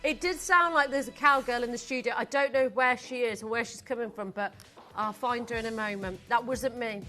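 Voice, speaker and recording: A woman's voice: fairly high pitch, a little fast, sharp tone, faint music behind. Gushing woman presenting on live shopping TV. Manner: gushing, chatty, theatrical. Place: TV studio.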